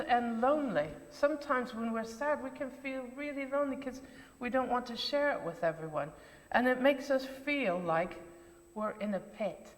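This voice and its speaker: Woman leading a children's talk in church. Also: on the high side. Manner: questioning, encouraging, simple words for children. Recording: reverberant church interior.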